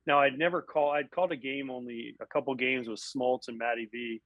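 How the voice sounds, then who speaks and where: A man, a former baseball catcher and broadcast analyst, telling animated stories from his playing days in a casual interview, often acting out what people said. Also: mid-range voice, brisk, dry recording, narrow, tinny audio. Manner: animated, acts out quotes.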